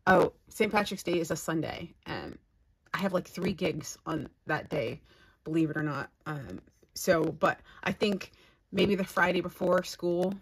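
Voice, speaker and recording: Chatty low-voiced woman craft vlogger. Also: measured pace, creaky, slightly rough, rough recording. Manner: chatty and rambling, gushing over gifts. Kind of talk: casual unboxing vlog. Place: home craft room.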